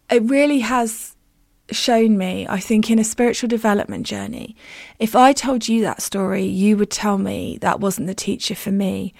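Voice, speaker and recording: A woman's voice: mid-range voice, gravelly, a little mellow, dry recording, studio quality. A woman who hosts a podcast as a medium, telling stories in a candid, self-deprecating, casual way.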